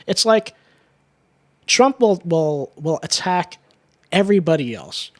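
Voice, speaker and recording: A man co-hosting a political talk show, talking in an animated, joking way and often stumbling over words. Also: a little high, takes it slowly, dry recording. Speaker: co-host of a political radio show. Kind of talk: casual political commentary.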